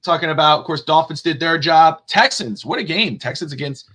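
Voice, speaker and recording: A man hosting a casual sports talk show, rambling and jokey and quick to laugh. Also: fairly high pitch, expressive, sharp tone. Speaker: podcast host.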